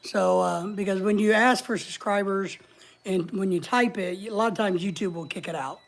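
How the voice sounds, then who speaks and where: A woman's voice: medium pitch, moderate pace, gravelly. A woman hosting a casual livestream, chatting in a rambling way and reading viewer comments aloud. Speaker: livestream host.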